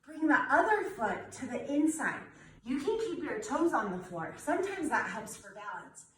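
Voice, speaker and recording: A woman's voice: high voice, big pitch swings, moderate pace, a bit bright. A young woman guiding children through a yoga class, cheerful and encouraging, with a sing-song coaching manner. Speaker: kids' yoga teacher. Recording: echoey room, voice from a distance.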